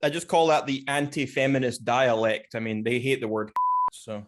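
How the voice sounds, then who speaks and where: A man speaking as a podcast guest over a video call, deadpan and halting. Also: mid-range voice, noisy background. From Scotland. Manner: deadpan, earnest-sounding, halting. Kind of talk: deadpan comedic chat.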